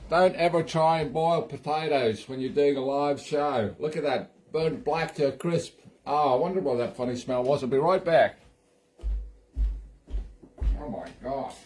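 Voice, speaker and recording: A man's voice: on the high side, a little slow, a little mellow, soft background music, natural voice. A man putting on a hammy Australian accent, playing a brash, jokey male soap actor who rambles in slang. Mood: flustered. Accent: put-on Australian. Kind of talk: comic impression on a live stream.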